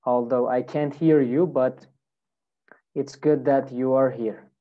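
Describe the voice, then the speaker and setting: Low, slow-talking woman teaching English. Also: steady tone, highs cut off. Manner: friendly, greets students by name. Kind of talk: online live English lesson.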